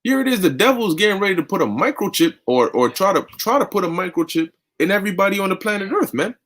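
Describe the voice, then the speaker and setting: A man's voice: high voice, lively intonation, fast talker, fairly bright tone. A young man teaching scripture in a fervent, conversational way, often tagging sentences with "man" and "okay". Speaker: preacher.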